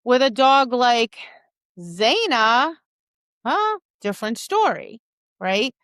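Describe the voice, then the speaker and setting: A woman dog trainer co-hosting a podcast, talking in an animated casual chat, often asking "right?" and acting out quoted lines. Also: fairly high pitch, slow pace, clean tone, no echo, clean studio sound. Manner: frequent "right?" and "like".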